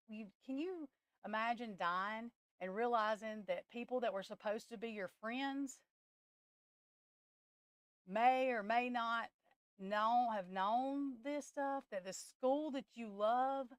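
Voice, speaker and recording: A woman's voice: fairly high pitch, clean tone, no room sound, clean studio sound. A woman who hosts a tarot live stream, talking in a casual, emotional and blunt way that rambles.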